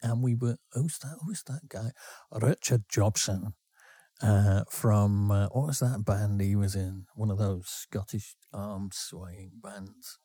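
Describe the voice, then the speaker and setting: A man's voice: lowish voice, takes it slowly, mellow, husky, no echo. A man hosting a podcast, telling rambling anecdotes with many self-interruptions. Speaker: podcast co-host. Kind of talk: casual storytelling.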